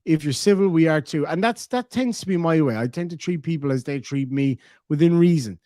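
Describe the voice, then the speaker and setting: An Irish man chatting casually on a live stream, reading out viewer messages in a rambling, excitable way that is full of swearing and restarts. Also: fairly high pitch, brisk, no room sound, studio quality. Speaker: livestreamer reading viewer donations.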